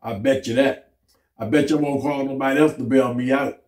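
A man with a mid-range voice and normal pace co-hosts a vlog, casually telling stories and animatedly playing the people he quotes. He's heard through a distant mic in an echoey room, with faint noise underneath.

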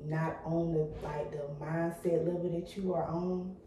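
A young woman vlogging to her viewers in an excited, chatty, motivational way. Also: lowish voice, unhurried, heavy reverb, far from the mic, slight background noise. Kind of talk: casual vlog talk to viewers.

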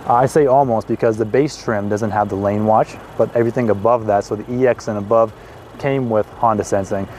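A man in his twenties hosting a car review, talking in an excitable, chatty way with casual asides as he walks around a parked car outdoors. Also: lowish voice, brisk, a little hiss or hum. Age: 20s.

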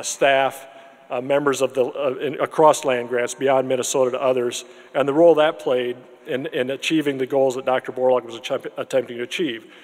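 A man at a podium in a big room, mid-pitched, earnest and measured, often restarting his phrases. His voice rings with a long hall reverb behind it. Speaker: interim dean hosting a university celebration. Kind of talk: formal event remarks and speaker introduction. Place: large lecture room with an audience.

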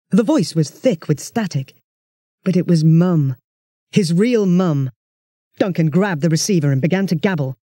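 A storyteller, reading a children's science-fiction story in steady, expressive narration. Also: medium pitch, unhurried, long pauses, dry recording, studio quality. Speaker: audiobook reader.

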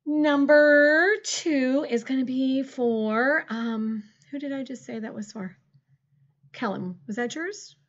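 Lively woman teaching young children. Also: sits high. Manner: encouraging, sing-song, sounds out words slowly. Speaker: second grade teacher. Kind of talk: phonics lesson for young children. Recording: dull lo-fi classroom recording.

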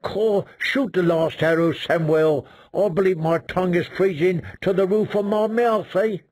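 A man voicing a gloomy, dour watchman who drawls slowly and ends his lines with "eh?". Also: sits high, steady tone, darkish tone, no echo, studio quality, pitched above the performer's own voice. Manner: mournful drawl, tags lines with "eh?".

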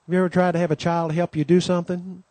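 A man with a somewhat high voice gives a folksy welcome at a Christian gathering, full of "you know"s and homespun stories. His voice sounds close and dry, with little room sound. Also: level tone, quick pace, mellow, no echo. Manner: homespun storytelling, many "you know"s, acts out quoted voices. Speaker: conference host giving the welcome. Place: conference gathering.

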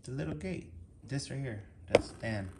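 Deep-voiced lady behind the phone bossing the kids around, hissy noisy home clip. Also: expressive, normal speed. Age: adult. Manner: bossy, directing and hurrying. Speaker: parent filming kids' toy battle. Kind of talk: casual off-camera chat. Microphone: phone camera held by the speaker.

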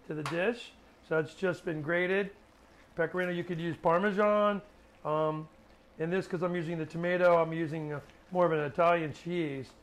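A man hosting his own cooking video, chatting casually as he cooks and tastes, with plenty of fillers and restarts. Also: fairly high pitch.

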